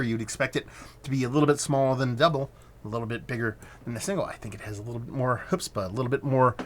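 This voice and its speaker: A man's voice: medium pitch, fairly bright tone, slight background noise. A man giving a casual beer review, rambling loosely, swearing now and then, and correcting himself as he goes. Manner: muses aloud, trails off and corrects himself.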